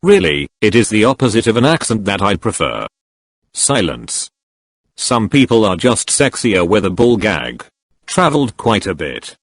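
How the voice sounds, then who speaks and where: Male narrator, lowish and animated, reads comments back to back, dry voice-over. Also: dry recording. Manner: reads each comment in quick succession. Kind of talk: reading online comments aloud.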